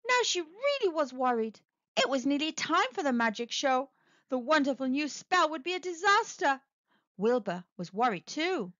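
A woman telling a children's story aloud, with a sing-song, expressive delivery, in a slightly muffled, dry recording. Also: sits high, moderate pace, dry recording. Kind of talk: children's read-aloud narration.

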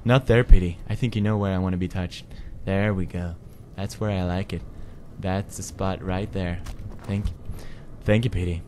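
A man voicing a lazy, lewd male pig creature from a horror game, talking in a slow, low, suggestive drawl. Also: steady tone, darkish tone, slight background noise, close to an everyday voice. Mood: smug, satisfied.

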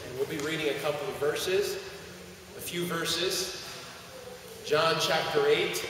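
A man's voice: on the high side, measured pace, noisy background. A male pastor preaching a sermon and leading prayer, with rising emphasis and call-and-response with the congregation. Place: church sanctuary. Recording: echoey church hall from far off.

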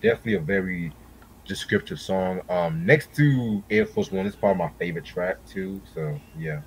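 A man co-hosting an album review in casual chat, laid-back and unhurried, swearing casually and a little high. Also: animated, a little hiss or hum. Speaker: podcast co-host reviewing an album.

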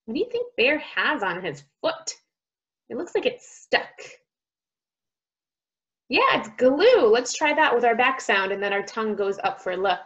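Woman, speech therapist, sing-song lively pitch, slow careful words, dull lo-fi sound. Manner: slow, drawn-out modeling of sounds, encouraging praise. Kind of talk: speech therapy story reading for children.

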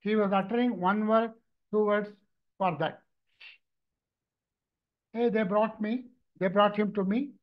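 A man, a mridangam teacher and therapist, telling stories in an animated lecture, often repeating and restarting words. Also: high voice, measured pace, long pauses. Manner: animated storytelling, frequent repetitions and restarts. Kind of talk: lecture with anecdotes. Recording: dull lo-fi recording.

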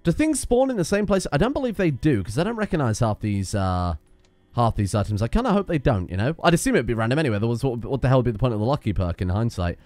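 A young man giving excitable, sweary let's-play commentary, talking to his game characters as he plays. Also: medium pitch, fast talker, dry recording. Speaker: gaming YouTuber.

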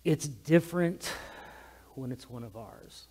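A male pastor giving a heartfelt memorial sermon in a church, talkative and loud by his own account, often restarting his sentences. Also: medium pitch, slow, slightly rough. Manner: talkative, self-described loud, frequent restarts. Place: church sanctuary. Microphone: amplified handheld or stand mic with monitor.

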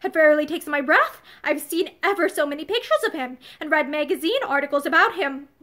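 An eager teenage schoolgirl cheers on and questions her friends, as a woman reader voices her. The voice is high, bright and full of lilt. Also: expressive, a little fast. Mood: lively. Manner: encouraging, inquisitive. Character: warm, lively teenage schoolgirl leader.

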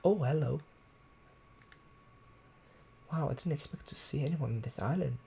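A man's voice: a little high, fast, gravelly, dark tone, a little hiss or hum. A man reading as a peppy rabbit pop star. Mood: perky, boastful. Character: peppy female rabbit islander, self-admiring pop star.

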